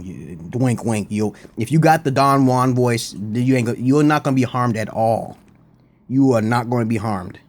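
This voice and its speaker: A man's voice: medium pitch, a little mellow. A man talking to camera in a rambling, crude, boastful monologue, laughing often. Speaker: vlogger.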